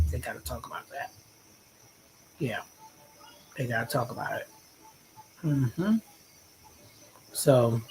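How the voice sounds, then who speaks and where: Low-pitched woman, gossip host, blunt, animated, swears freely. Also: slight background noise, rough recording. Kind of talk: casual gossip chat.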